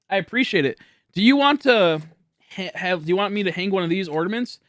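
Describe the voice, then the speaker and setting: A man's voice: sits high, animated, fairly quick, a bit bright, no echo. A young man chatting casually with viewers on a live stream, rambling and laughing often.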